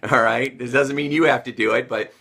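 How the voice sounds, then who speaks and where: A male sales and communication coach speaks straight to camera with a bright, forceful tone. He teaches in an energetic, motivational style and leans on repetition to stress his points. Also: medium pitch, brisk, vocal fry, husky. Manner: energetic, repeats phrases for emphasis.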